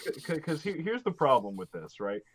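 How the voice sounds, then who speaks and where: A man chatting as a guest on a live stream, arguing his point with profanity and quick restarts. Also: mid-range voice, big pitch swings. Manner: argumentative, profane, stammering restarts. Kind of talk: casual chat on a live stream.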